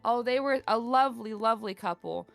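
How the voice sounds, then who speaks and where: A woman's voice: a little high, brisk, creaky, clean tone, faint music behind. A woman playing a tabletop game, voicing a chatty, apologetic circus troupe leader who rambles and slips into a slight southern twang. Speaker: player. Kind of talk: in-character tabletop role-play.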